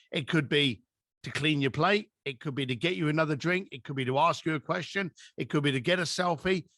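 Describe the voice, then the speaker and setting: A man as a podcast guest, giving advice through animated stories and acting out quoted dialogue. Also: high-pitched, no room sound, clean studio sound. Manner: acts out quoted dialogue with lively voices.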